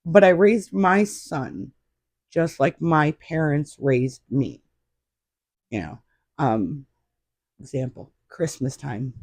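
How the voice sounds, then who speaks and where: A middle-aged woman speaks as a podcast guest, telling a personal story with lively emphasis. The recording is dry and close, with no room sound. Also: sits low, slightly rough, no echo.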